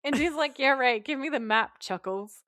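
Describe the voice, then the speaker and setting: A woman's voice: sits high, normal speed, sharp tone, no room sound, clean studio sound. A woman co-hosting a podcast, casually recapping an episode and quoting the characters' lines as she goes. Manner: retells scenes while quoting the characters' lines. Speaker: podcast co-host.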